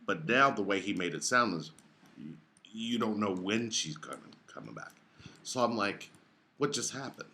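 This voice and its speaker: Man co-host, very low pitch, bright, plainspoken, casual, interjects. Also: very animated, moderate pace, a little hiss or hum. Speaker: podcast co-host. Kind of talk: casual conversation.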